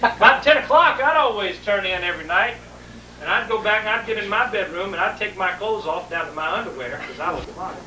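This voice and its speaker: High-voiced man telling a story. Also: fairly quick. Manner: animated, repetitive, comic timing. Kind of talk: humorous family storytelling to an audience. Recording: echoey room, distant mic, noisy.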